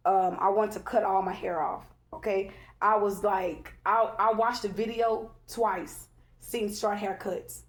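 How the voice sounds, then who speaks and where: With a mid-range voice, fairly even intonation and a measured pace, a woman chats her way through a casual spiritual tarot reading. Her manner is emphatic and preachy, and "okay?" comes up again and again.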